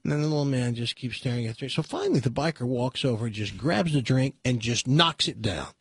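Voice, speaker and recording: A man's voice: medium pitch, very animated, brisk, a bit bright, slightly rough, no room sound. A man hosting a radio talk show, chatting wryly and telling jokes in the studio. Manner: wry, storytelling.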